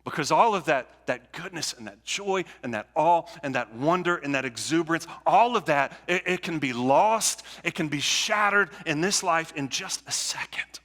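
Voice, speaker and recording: This pastor's voice is a little high, bright and forceful, moving at a moderate pace with lively intonation and few pauses. He preaches a conversational sermon in a church sanctuary, repeating phrases and restarting as his points build, all under long hall reverb.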